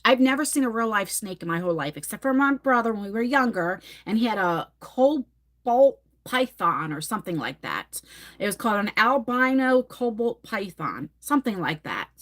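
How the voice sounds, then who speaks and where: A woman in her forties chatting candidly with viewers, laughing often and rushing through some phrases. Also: fairly high pitch, big pitch swings, fairly bright tone. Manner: chatty and candid, laughing, bursts of fast talk. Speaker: vlogger answering viewer questions. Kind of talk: casual chat.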